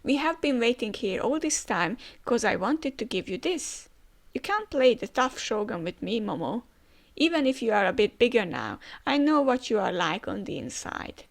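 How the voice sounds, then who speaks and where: A woman's voice: fairly high pitch, very animated, moderate pace, creaky, full character voice. A woman reading as a brash young pirate captain. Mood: teasing. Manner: boastful and blunt.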